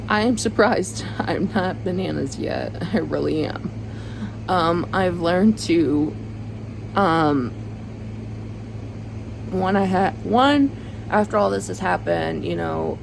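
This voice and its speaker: A woman's voice: fairly low pitch, creaky, background noise. A woman vlogging from home into her phone, giving a rambling, frank update to her viewers with lots of fillers and dry sarcasm. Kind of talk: casual venting update to viewers. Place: at home, indoors.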